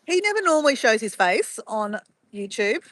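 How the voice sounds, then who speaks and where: A woman's voice: on the high side, sing-song, moderate pace, fairly bright tone, no room sound. A woman streaming live from her phone outdoors at sunrise, chatting casually and reading out viewers' messages. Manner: chatty, greets viewers by name and reads chat aloud.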